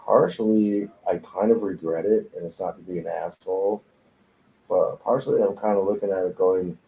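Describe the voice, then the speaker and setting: A man's voice: low voice, steady tone, moderate pace, muffled recording, slight background noise. A man who is a tattoo artist, telling his story in a casual, profane, laid-back way with frequent laughs, recorded in a tattoo studio.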